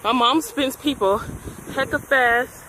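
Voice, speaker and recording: A woman's voice: high voice, slow, a crowd in the background, poor audio. Chatty young woman vlogging at a park. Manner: slangy, excitable, talks to the camera. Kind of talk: casual vlog chat. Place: outdoor playground in a park. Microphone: handheld camera. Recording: outdoor noise behind.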